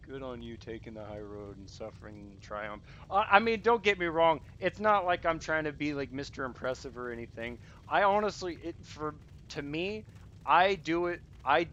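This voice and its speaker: A man's voice: a little high, a bit bright, dull audio, a little hiss or hum. A man streaming live gameplay commentary, talking straight to his viewers in a casual, rambling way, full of restarts and fillers, encouraging them as he plays. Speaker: gaming streamer.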